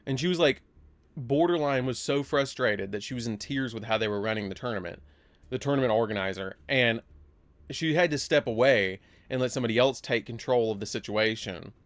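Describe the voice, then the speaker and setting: A man's voice: mid-range voice, fairly quick, no echo. A man hosting a live game stream, telling a story casually and acting out both sides of the argument. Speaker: livestream host.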